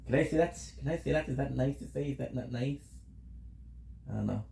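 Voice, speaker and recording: A tired man streams a game and chats loosely with his viewers, rambling from one thought to the next as he answers chat. His voice is mellow and relaxed, and it rings a little in a roomy space. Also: mid-range voice, a little fast, vocal fry, slight background noise.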